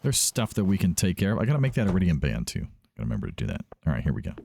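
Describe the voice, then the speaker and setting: A man's voice: deep voice, huge pitch swings, very fast, gravelly, background noise. A man hosting a let's play, giving casual gameplay commentary, chatty and thinking aloud as he often corrects himself.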